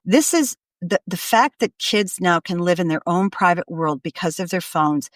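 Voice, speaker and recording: A woman's voice: on the low side, lively intonation, moderate pace, no echo, clean studio sound. A woman podcast host giving earnest parenting advice, coaching listeners and acting out what a parent should say. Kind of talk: advice monologue.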